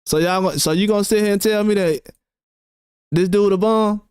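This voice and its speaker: A man's voice: high voice, normal speed, darkish tone, clean tone, no echo, studio quality. A man hosting boxing commentary, talking heatedly and repeating rhetorical questions.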